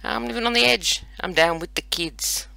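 Aussie guy narrating his gameplay, jokey and self-deprecating, kinda raspy, bit high voice. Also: moderate pace, pushed and bright, dry recording. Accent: Australian. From Australia. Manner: chatty, self-mocking, playful running banter. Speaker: let's play host. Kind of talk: casual gameplay commentary.

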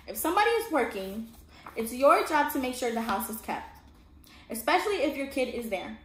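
A woman's voice: high-pitched, big pitch swings, fairly quick. A woman telling her own story in a casual storytime monologue, emphatic and often checking in with her listener. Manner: emphatic, keeps checking in with "all right?" and "okay?". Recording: echoey room with faint background hum.

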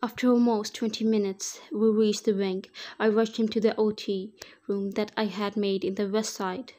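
Woman reading a story, flat tone. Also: medium pitch, normal speed. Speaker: fan fiction reader. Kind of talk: first-person story narration.

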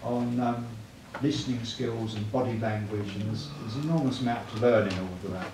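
A man's voice: lowish voice, fairly quick. Man teaching in an echoey hall. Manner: chatty, asks the room tag questions. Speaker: church evangelism teacher. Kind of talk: church training talk. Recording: echoey room, mic far off, clear noise.

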